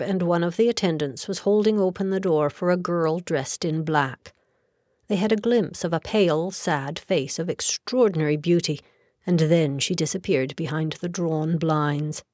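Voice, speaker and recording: A woman with a fairly low pitch gives a scripted reading of a novel as an audiobook narrator. Her storytelling is steady and measured, captured at studio quality without any echo.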